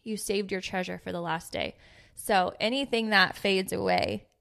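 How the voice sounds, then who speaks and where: A woman in her thirties hosting a faith podcast, with a mid-range voice and a creaky fry. She talks earnestly, teases her co-host and reads verses aloud. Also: medium pitch, fairly even intonation, moderate pace, fairly bright tone. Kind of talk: casual faith podcast chat.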